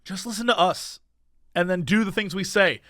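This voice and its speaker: Male podcast co-host, high bright voice, animated ranting storyteller. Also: moderate pace, dry recording, studio quality. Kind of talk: casual chat.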